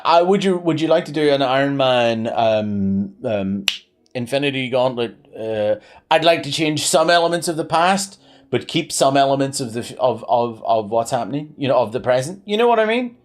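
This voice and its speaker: A man's voice: expressive, moderate pace. Rambling guy streaming a game. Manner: rambling, many fillers and restarts; pitch swings widely. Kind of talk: live-stream chat.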